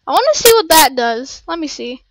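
A woman casually commentating her gameplay in an excitable, rambling way, full of playful slang, on a cheap home mic. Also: high voice, brisk, no echo. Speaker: gameplay streamer. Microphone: cheap desk mic.

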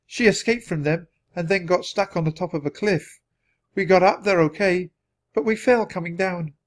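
An eager, brave young girl with a high, bright voice, put on by a man reading a storybook. She calls out with quick excitement, rising well above an ordinary speaking voice. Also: lightly acted. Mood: earnest.

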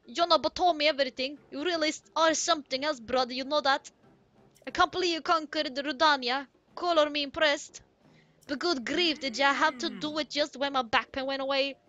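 A woman reading game lines as a boisterous male rock-creature miner, putting on a loud, mock-gruff attempt at an Irish accent. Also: high-pitched, a little fast, lo-fi sound. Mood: hearty. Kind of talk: reading game dialogue aloud in a put-on voice.

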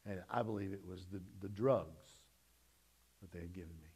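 Middle-aged man, pastor giving a sermon; lower voice, folksy testimony, dynamic swings. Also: steady tone, fairly quick, vocal fry, slightly rough. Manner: folksy storytelling testimony, swings from loud to hushed.

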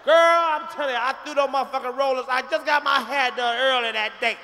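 A man doing a shrill gossipy auntie. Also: moderate pace, vocal fry, fairly bright tone, heavily acted. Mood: frantic. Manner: repetitive, breathless storytelling. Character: gossipy middle-aged woman relative retelling a death. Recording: live stage show in a large hall.

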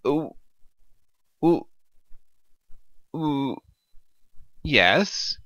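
A man's voice: a little high, lively intonation, very slow, a bit bright, no room sound, voice pushed up, heavily acted. A man voicing a shy, starstruck young woman novice who stammers timidly.

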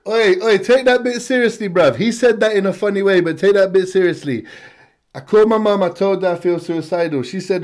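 A man talks through his reactions to a song in loose, slangy chat, breaking into excited whoops. His voice sits slightly higher than most men's. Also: fairly quick. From United Kingdom. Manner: excitable, slangy, bursts of hype. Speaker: music reaction host. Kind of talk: casual reaction commentary.

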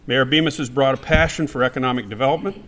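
A man's voice: medium pitch, fast, fairly bright tone, a little hiss or hum. A man chairing a committee who jokes lightly with the room, then reads a prepared introduction of the guest speaker at a business forum. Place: meeting room.

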